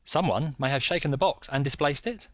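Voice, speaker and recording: Calm, shrewd detective, read by a man, deliberate, dry and dull sound. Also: on the high side, dry recording, natural voice. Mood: probing.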